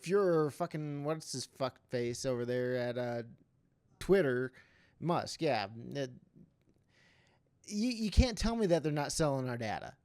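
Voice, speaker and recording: A man's voice: medium pitch, animated, a little slow, a little mellow, clean tone. A man playing an indignant, swearing old codger with a put-on old-timey Southern accent through an old-man voice filter, ranting on a comedy podcast. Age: older. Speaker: podcast co-host.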